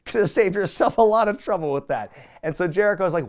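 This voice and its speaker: A man hosting a podcast, recapping casually with incredulous, animated commentary and casual swearing. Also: high voice, quick pace. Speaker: podcast host.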